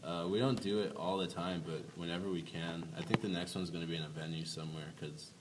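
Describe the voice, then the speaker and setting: A man's voice: deep voice, fairly even intonation, quick pace. A young man from a band, chatting casually in an interview, laid-back and laughing often. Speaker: band member guest. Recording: distant mic with noise.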